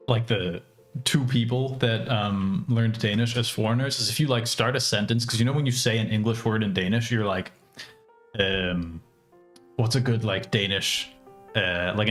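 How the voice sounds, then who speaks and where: American man live-coding with soft music. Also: fairly low pitch. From United States. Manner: thinks aloud, many fillers. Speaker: programming livestreamer. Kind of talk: casual live coding commentary.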